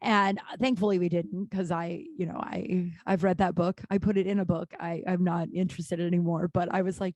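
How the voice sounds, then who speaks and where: A woman in her thirties hosting her own podcast, talking candidly in a rambling, profane way with many restarts and sudden animated outbursts. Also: fairly low pitch, normal speed, few pauses, dry recording. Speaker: podcast host. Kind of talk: casual solo podcast monologue.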